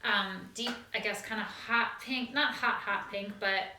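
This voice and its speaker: Bright-voiced easygoing woman, roomy sound. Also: medium pitch, steady tone, measured pace. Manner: friendly, easygoing, with fillers. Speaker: co-host of a knitting show. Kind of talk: casual chat. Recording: echoey room, distant mic.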